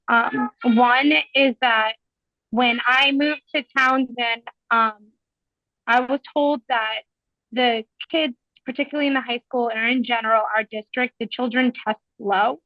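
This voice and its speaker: A woman's voice: a little high, fairly even intonation, unhurried, no room sound, lo-fi sound. A woman asking questions during public comment at a community meeting, nervous, with a shaky voice.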